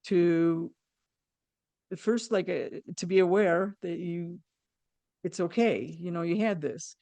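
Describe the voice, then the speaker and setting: A woman's voice: lowish voice, gravelly, warm tone, no room sound. A woman hosting an interview, talking candidly with blunt humor in a casual conversation. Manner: candid, talks in quick bursts with blunt humor. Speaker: podcast host.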